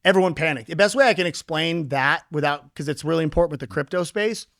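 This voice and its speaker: A man with a high speaking voice, interviewed as a crypto investor on a podcast. He talks with energy and explains markets through everyday analogies. The recording is dry and close. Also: no echo. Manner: energetic, explains with homely analogies, acts out quick quoted voices.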